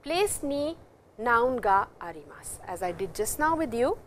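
A woman's voice: on the high side, very animated, moderate pace, a little hiss or hum. Patient woman teaching a language class. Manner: patient, repeats and stresses example phrases. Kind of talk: classroom lecture.

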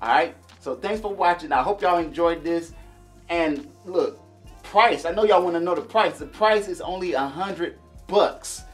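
A man casually demonstrating and reviewing a small audio mixer for his viewers, chatty and relaxed. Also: fairly high pitch, unhurried, soft background music. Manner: laid-back, chatty, addresses viewers as y'all and man. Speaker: gear reviewer. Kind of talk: casual product demo vlog.

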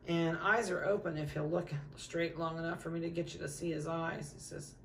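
Middle-aged lady breeder, soft baby talk to pups then practical updates, lower voice, bit far from mic. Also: fairly even intonation, slight background noise. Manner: coos softly to puppies, then gives brisk practical notices to buyers. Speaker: dog breeder. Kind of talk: casual puppy update video.

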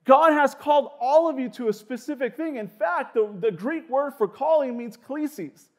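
Delivering his sermon casually and with lots of energy, this young male pastor speaks in a very high voice. Quick asides and frequent "like" fillers run throughout.

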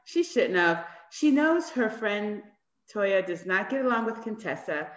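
A woman chatting casually about an episode, telling animated stories and acting out what people said. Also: medium pitch, a little slow, roomy sound, highs cut off. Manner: animated storyteller who acts out quoted dialogue. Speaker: cast member discussing an episode. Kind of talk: casual chat.

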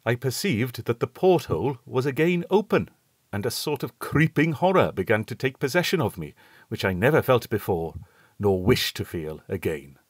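A man reading a first-person horror story aloud, with measured, suspenseful storytelling. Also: fairly low pitch, no room sound, clean studio sound. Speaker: audiobook narrator.

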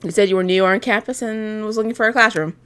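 A proud, talkative middle-aged father from a story game, read aloud by a woman. He sounds fond and fatherly, and the lines come out plain and unhurried in a mid-pitched voice. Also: steady tone, fairly bright tone, smooth, lightly acted. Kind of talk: reading game dialogue aloud.

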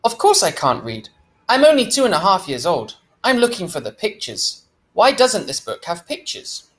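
A cheerful little toddler boy, as a man reading a storybook aloud puts him on, piping up in a high, childish voice. His pitch is raised well above the reader's own and bounces around. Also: huge pitch swings, normal speed, fairly bright tone, heavily acted. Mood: matter-of-fact. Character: cheerful two-and-a-half-year-old boy.

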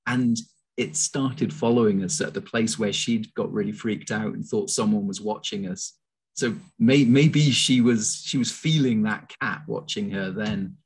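A man's voice: fairly low pitch, measured pace, slightly rough. A man being interviewed as a guest, telling a story with quoted dialogue over a video call. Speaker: guest naturalist and tour leader.

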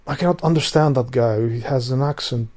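Brisk and mid-range in pitch, the mellow voice belongs to an Albanian man who speaks Albanian natively. As a vlogger he rambles casually, cursing and repeatedly losing track before restarting his sentences.

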